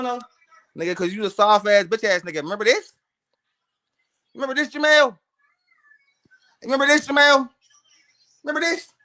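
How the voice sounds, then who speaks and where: A man's voice: very high voice, bright, forceful tone. A man giving profane, mocking boxing commentary to his live stream, laughing and repeating himself. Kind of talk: trash-talking boxing commentary.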